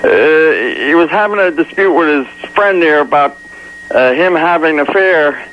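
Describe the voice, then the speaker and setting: A man calling in to a talk radio show, halting and searching for words with many fillers. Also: on the high side, animated. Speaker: caller. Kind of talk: phone-in call. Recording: dull archival AM radio with faint hiss.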